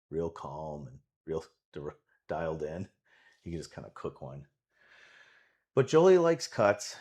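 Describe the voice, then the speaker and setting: Guy with a lowish voice calling a pool match live, all hyped up, lots of um and restarts. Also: a little mellow. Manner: enthusiastic, rambling, with fillers and restarts. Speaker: pool coach commentating a livestream. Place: pool club.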